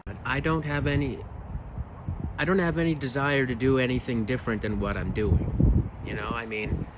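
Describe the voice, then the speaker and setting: A man's voice: medium pitch, normal speed, background noise. A man with a weathered voice, a singer talking frankly in a casual vlog, emphatic and frustrated, with rhetorical questions. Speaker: singer and video creator.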